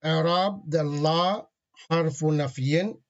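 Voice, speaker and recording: A man with a somewhat high voice leads an online grammar lesson, quizzing his students as he goes. The sound is dull and lo-fi, as if from a basic class call. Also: takes it slowly. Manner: asks the class questions, reads Arabic parsing terms. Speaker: Arabic grammar teacher.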